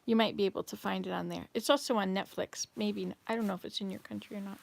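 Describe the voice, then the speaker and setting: A woman's voice: mid-range voice, fairly even intonation, fast, creaky. An older woman hosting a casual livestream, rambling through memories and answering viewers' comments as she goes. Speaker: livestream host reading chat. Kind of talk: casual live chat. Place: home, in Canada.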